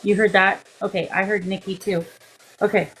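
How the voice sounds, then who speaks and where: A woman's voice: medium pitch, level tone, moderate pace, slight background noise, rough recording. A woman hosting a live-stream psychic session as a medium, calling spirits with endearments and speaking into a phone. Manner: coaxing, affectionate, talks to spirits with endearments.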